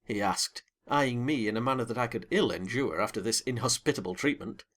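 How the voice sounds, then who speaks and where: A male audiobook narrator reading a classic novel with lively, dramatic expression. His voice sits at an ordinary middle pitch and carries the first-person tale with vivid feeling. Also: a little fast.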